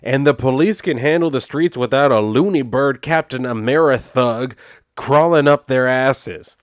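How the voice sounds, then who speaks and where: A man putting on a contemptuous small-town sheriff who talks out of the side of his mouth, as if he had a wad of chewing tobacco in his lip. The drawl is gruff and dismissive, a little raised and pushed louder than an ordinary voice. It is recorded close and dry, with no room sound. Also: medium pitch, unhurried, no echo, lightly acted.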